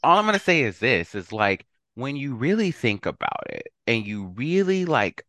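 A man's voice: mid-range voice, very animated, moderate pace, a bit bright, no room sound. A man guesting on a podcast in casual chat, emphatic and preachy as he makes his points.

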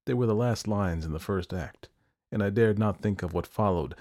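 Guy narrating an audiobook in first person, low voice, measured. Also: warm tone.

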